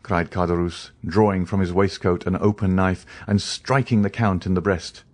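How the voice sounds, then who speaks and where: A man narrating a classic novel as an audiobook in a measured, expressive reading. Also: low-pitched.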